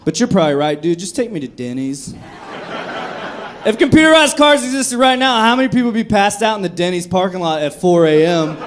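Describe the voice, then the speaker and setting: A man's voice: high voice, sing-song, a little fast, slight background noise. A young man doing a profane, conversational stand-up set on a comedy club stage into a handheld mic. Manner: profane, conversational, acts out drunk voices.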